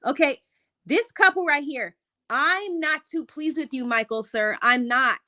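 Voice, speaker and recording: A woman, herself a mother, giving a casual, opinionated recap of a reality show into a close microphone, with sudden excited jumps in pitch. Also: a little slow. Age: adult, a mother. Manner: chatty, opinionated, animated rises in pitch.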